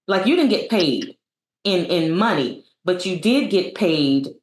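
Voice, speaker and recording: A woman hosting an interview speaks slowly in a fairly low voice, with lots of fillers and restarts as she affirms her guest. Her voice rings with a roomy echo. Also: sing-song. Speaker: interview host. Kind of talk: conversational interview.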